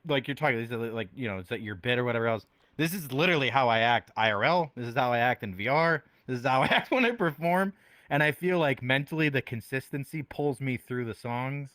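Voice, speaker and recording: A man's voice: mid-range voice, fairly bright tone, dry recording. A man chatting as a podcast guest, rambling with lots of fillers and frequent laughter. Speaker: podcast guest, VR music performer. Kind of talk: casual chat.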